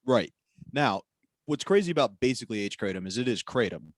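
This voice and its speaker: A male co-host of a comedy podcast giving a mock sponsor read. His delivery is deadpan, but his pitch moves animatedly, and he laughs at his own jokes. The sound is dry and close to the mic. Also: fairly quick, dry recording.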